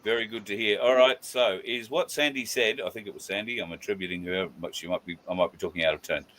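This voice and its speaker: A man hosting a casual live stream, chatting and greeting viewers by name, with many drawn-out fillers. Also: lowish voice, a bit bright. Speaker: livestream host.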